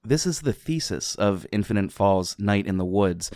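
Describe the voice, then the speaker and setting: Low-voiced enthusiastic podcast host. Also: male voice, animated, normal speed, darkish tone, dry recording, studio quality. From southwestern Pennsylvania. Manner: enthusiastic, laughs often, rambling asides. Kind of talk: casual podcast chat.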